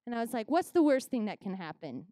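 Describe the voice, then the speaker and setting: A young woman from Canada performs stand-up, her voice sitting on the higher side. She tells her stories with animated energy, jumping between her own lines and everyone else's. The sound is close and dry, with little room around it. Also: fast talker, dry recording. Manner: animated storytelling, acts out both sides of conversations. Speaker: stand-up comedian. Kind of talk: stand-up comedy set.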